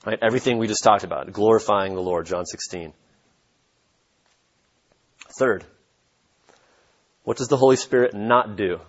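A man's voice: lowish voice, moderate pace, long pauses, lo-fi sound. A man preaching a sermon as pastor, emphatic and repeating his key points for stress.

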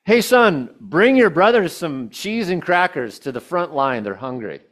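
Male preacher doing an older father's voice, pitched high, calling to his son. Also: very animated, unhurried, fairly bright tone. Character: David's father, older man sending his son on an errand.

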